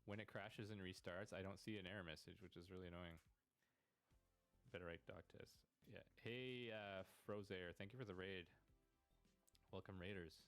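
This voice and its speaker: A man's voice: sits low, fairly even intonation, normal speed, fairly bright tone. A man from Canada hosting a coding livestream, chatting in a friendly way with viewers. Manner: friendly, laughs over names. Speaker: livestream host, programmer. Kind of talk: casual livestream chat. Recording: faint background music.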